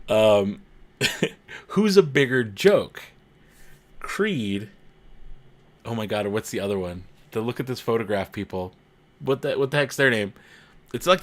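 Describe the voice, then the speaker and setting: A young man chatting casually on a livestream, reading messages and joking back with a playful, teasing edge. His pitch moves around a lot and stays lively, and he laughs often between lines. He talks into a desk microphone. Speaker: livestream host reading chat.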